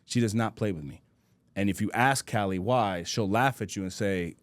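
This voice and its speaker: A man's voice: fairly low pitch, moderate pace, no room sound. Laid-back man calling everyone bro. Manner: loose slangy talk, says bro a lot, laughs easily. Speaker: podcast host. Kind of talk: casual storytelling chat.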